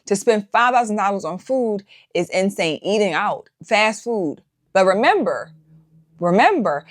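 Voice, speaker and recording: A woman hosting a commentary show, talking casually and peppering her points with rhetorical questions. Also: medium pitch. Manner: rhetorical, keeps asking "right?". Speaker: host. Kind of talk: commentary on social media clips.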